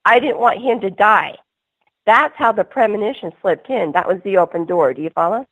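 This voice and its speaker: A woman's voice: mid-range voice, animated, normal speed, a bit bright, breathy edge, no echo. A woman guest on a call-in radio interview, telling her story earnestly in a rambling way, full of restarts. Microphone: phone. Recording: tinny phone line.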